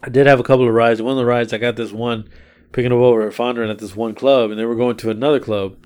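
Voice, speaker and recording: A man co-hosting a casual podcast, telling relaxed stories about his rideshare rides. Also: mid-range voice, quick pace, clean tone. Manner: relaxed storyteller, swears casually. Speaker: podcast co-host; rideshare driver. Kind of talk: casual chat.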